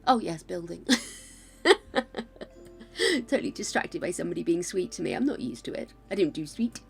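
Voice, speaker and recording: An older woman from England with a croaky voice, chatting and thanking viewers while building in a game, self-mocking and gushing. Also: lowish voice, sing-song, normal speed, soft background music. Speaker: game streamer.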